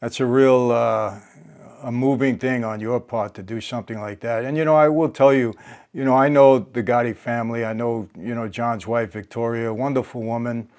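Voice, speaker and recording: Man, older, interview host, casual chat, halting, lots of fillers, mid pitch. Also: fairly even intonation, a little mellow. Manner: halting, many fillers and restarts.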